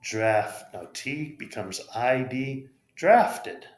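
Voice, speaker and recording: An animated American man with a medium, fairly bright voice teaches pronunciation at a slow pace in an echoey space. He patiently spells out letters and models how each word sounds.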